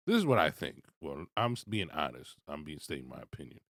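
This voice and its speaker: A man giving blunt, profane commentary, swinging from low muttering to loud, high-pitched outbursts. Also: big pitch swings, moderate pace, few pauses, no room sound, clean studio sound. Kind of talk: ranting commentary.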